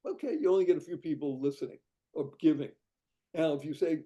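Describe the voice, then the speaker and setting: A man's voice: fairly high pitch, fast talker, dark tone. A man from Boston, a guest on an interview show, talking up his fundraising idea with exuberant, salesy enthusiasm and frequent laughs. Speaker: guest, founder of a charity fundraising site.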